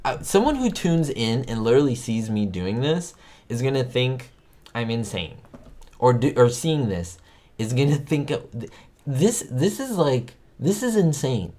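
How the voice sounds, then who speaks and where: Lively, rambling male trivia host. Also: medium pitch, measured pace. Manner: rambling, excitable, talks to viewers. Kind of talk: casual livestream chat.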